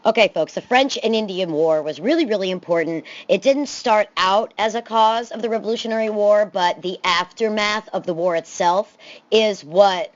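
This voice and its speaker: A woman teacher talks through a recorded history presentation in a chatty, animated way, tossing in playful asides for her students. Her voice sits in a middle pitch. The audio is a little dull and lo-fi. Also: normal speed. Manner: lively and conversational, with playful asides.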